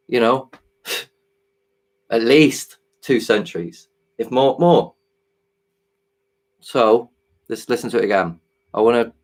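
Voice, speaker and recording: Operating his software during a live stream, the male host speaks in a medium pitch, sincere yet halting, with many restarts.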